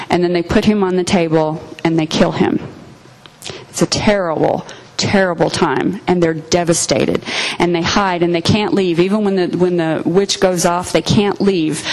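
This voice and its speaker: Woman preaching, earnest and expressive, reads a story aloud. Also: lowish voice, low-quality recording. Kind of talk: sermon with story reading.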